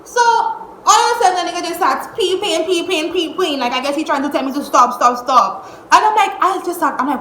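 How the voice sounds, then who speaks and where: A young woman, telling a storytime vlog at home in an exasperated, animated way, cursing and using slang. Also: high-pitched, fast. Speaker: vlogger. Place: indoors at home. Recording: echoey room with faint noise.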